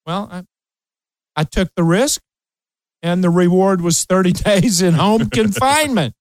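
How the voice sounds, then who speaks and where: Older man, late sixties, show host, emphatic advice to parents, fairly high voice, dry close sound. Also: smooth, no echo, poor audio. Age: 60s. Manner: emphatic, repeats key phrases, addresses parents directly. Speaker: radio show host and coach. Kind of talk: advice talk with personal anecdote.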